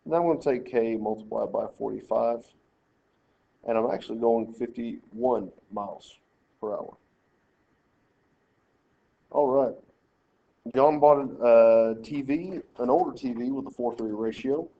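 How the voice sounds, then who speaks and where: A man's voice: mid-range voice, expressive, unhurried, vocal fry, long pauses, slight background noise. Man talking through math steps, lo-fi. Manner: talks through problems step by step, directing students. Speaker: math teacher. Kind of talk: screen-recorded math lesson walkthrough.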